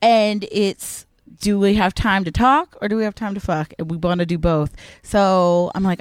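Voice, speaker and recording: A young woman talking candidly in casual conversation at a conference, peppering her speech with "like" and slipping into a breathy hush for examples. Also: medium pitch, fairly even intonation, normal speed, no room sound. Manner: frequent "like" fillers, drops into a hushed breathy voice for examples. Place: at a conference, indoors.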